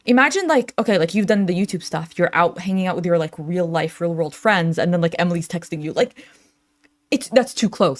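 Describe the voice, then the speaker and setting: A woman's voice: on the low side, fast talker. A young adult woman hosting a reaction channel, talking casually with lots of fillers and frequent laughs as she reads out chat messages.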